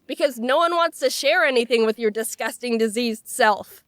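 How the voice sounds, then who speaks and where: A young woman with a stuffy, nasal voice from a cold, narrating funny stories with sarcastic, animated delivery. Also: on the high side, no room sound, clean studio sound. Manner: animated, sarcastic, quick jokes. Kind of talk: comedic storytelling narration.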